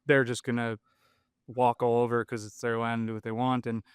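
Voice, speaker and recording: A man's voice: mid-range voice, little pitch movement, brisk, smooth, dry recording, clean studio sound. A man talking as a guest on a podcast, hesitant with many fillers and holding back frustration. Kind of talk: casual podcast chat.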